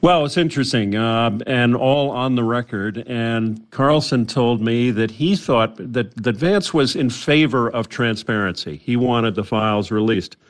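A man's voice: mid-range voice, measured pace, few pauses. A male journalist talking as a guest on a radio news interview, conversational, with frequent restarts.

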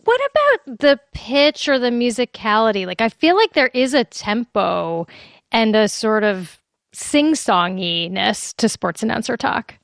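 A woman's voice: on the high side, lively intonation, measured pace, creaky, dry recording, clean studio sound. A woman host asking curious, conversational questions in an interview. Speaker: radio host. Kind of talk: interview hosting.

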